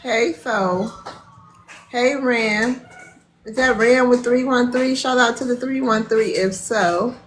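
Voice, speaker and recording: A woman's voice: a little high, slow, slight background noise. A woman hosting a casual live stream, chatting and greeting viewers by name in a folksy way.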